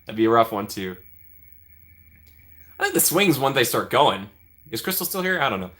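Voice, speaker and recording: A man's voice: medium pitch, big pitch swings, moderate pace, fairly bright tone. A man hosting a casual live stream, chatting with viewers by name and laughing often.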